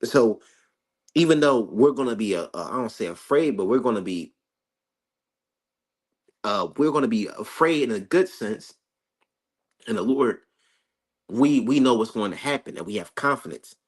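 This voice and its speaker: A man's voice: medium pitch, animated, moderate pace, long pauses, breathy edge. A man giving an informal Bible commentary, emphatic and swearing freely, stumbling through repeated restarts. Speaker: street preacher.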